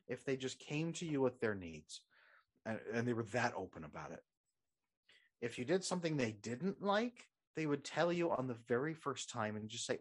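A man's voice: mid-range voice, lively intonation, a little fast. A man talking as a relationship coach, explaining earnestly and walking his listener through a guided exercise. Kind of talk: casual chat, guided visualization.

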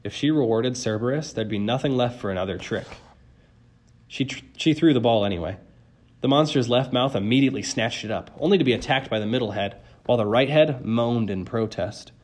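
A man narrating a first-person novel as an audiobook in an even, wry storytelling tone. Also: mid-range voice, brisk. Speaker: audiobook reader.

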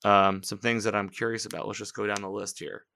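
Chatty man recapping a show, low voice. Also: a little fast, vocal fry. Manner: chatty, animated recapping with laughs and quoted lines. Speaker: podcast host. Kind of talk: casual live-watch commentary.

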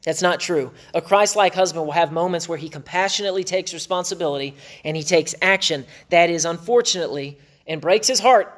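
A man's voice: on the high side, brisk, few pauses. A middle-aged man hosting a marriage podcast, teaching in an emphatic, preacher-like way and repeating phrases for stress.

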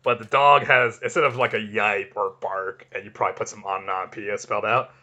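A man's voice: on the low side, steady tone, fairly quick, bright, forceful tone. A man co-hosting a comics podcast, chatting casually and enthusiastically, often restarting his sentences. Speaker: podcast co-host. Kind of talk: casual chat.

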